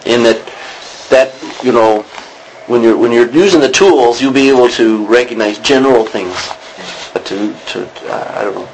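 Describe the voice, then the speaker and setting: A man's voice: mid-range voice, normal speed, poor audio. Male teacher, classroom lecture, rambling explanations, frequent "okay?" check-ins, faint background hiss. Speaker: Greek teacher.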